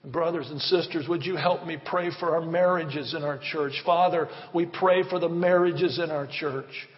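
Fervent high-voiced pastor in a church hall. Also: male voice, fairly even intonation, moderate pace. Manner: fervent, rhythmic, repeating appeals. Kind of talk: sermon with prayer. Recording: reverberant, dull church recording.

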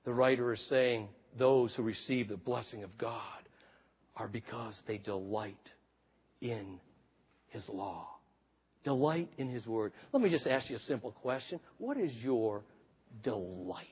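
A man in his fifties preaching a sermon, telling stories and swinging from booming to hushed. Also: measured pace, long pauses, slightly rough. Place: large church hall. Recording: reverberant hall, slightly dull sound.

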